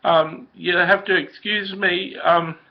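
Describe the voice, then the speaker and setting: A man giving a gentle, emotional spoken message as if from his late sister, halting with many ums and uhs. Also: high-pitched, fairly even intonation, vocal fry. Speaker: prophetic minister speaking as his late sister. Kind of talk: slow spoken channeled message. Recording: dull lo-fi recording.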